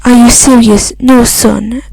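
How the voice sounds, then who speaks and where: A woman's voice: fairly high pitch, fairly even intonation, slow, gravelly, mellow, a little hiss or hum. Woman reading as a stern aristocratic wizard father.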